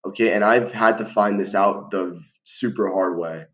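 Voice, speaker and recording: A man's voice: on the low side, steady tone, moderate pace. A young man talking casually to the camera as a vlogger, rambling with lots of fillers and restarts and calling the listener "bro". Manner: slangy, many fillers and restarts, keeps saying "bro". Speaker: vlogger giving life advice. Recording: dull lo-fi recording.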